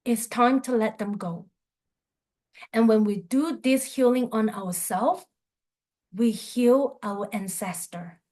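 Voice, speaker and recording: A woman with a high voice speaks as a coach giving a motivational talk. She tells earnest personal stories in a direct, open way and draws lessons from them. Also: slow pace, a little mellow. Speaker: qigong and life coach.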